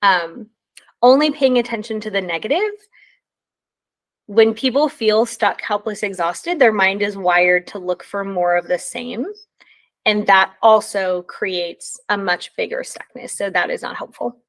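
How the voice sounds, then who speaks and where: A woman's voice: mid-range voice, a little slow. Casual woman talking with many ums. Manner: conversational, many ums and likes; yawning. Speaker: presenter. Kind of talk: casual talk.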